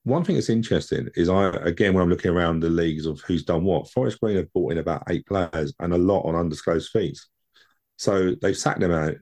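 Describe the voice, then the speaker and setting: Very deep-voiced man chatting football. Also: brisk, darkish tone. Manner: chatty, rambling, repeats words. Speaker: podcast co-host. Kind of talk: casual football chat. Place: home.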